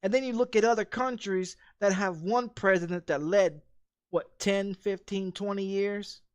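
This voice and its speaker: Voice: medium pitch, fairly even intonation, unhurried, smooth. Heated, profane game streamer. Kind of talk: angry profane rant during a game stream.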